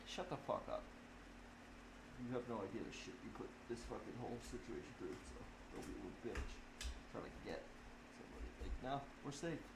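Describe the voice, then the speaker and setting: A man livestreaming from home, chatting in a blunt, profane, animated way between drum songs. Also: medium pitch. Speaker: livestreaming drummer. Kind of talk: casual rambling chat. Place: home room. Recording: echoey room with clear noise.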